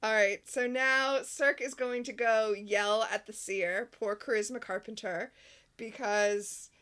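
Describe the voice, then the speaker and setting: A woman with a somewhat high voice co-hosts a casual recap podcast. She talks through the episode with a dry, sarcastic edge and easy chatter. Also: steady tone, unhurried, a bit bright, smooth. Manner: wry, sarcastic. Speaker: podcast co-host.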